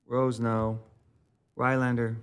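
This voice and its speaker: A man's voice: medium pitch, little pitch movement, takes it slowly, clear, resonant tone. A man working as a clerk, calling a roll call vote in a repetitive, businesslike way.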